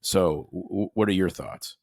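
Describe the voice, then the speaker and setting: A man's voice: low voice, unhurried, darkish tone, no echo, clean studio sound. A man hosting a podcast, chatty and joking, asking long, rambling questions. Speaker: podcast host. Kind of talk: casual chat interview.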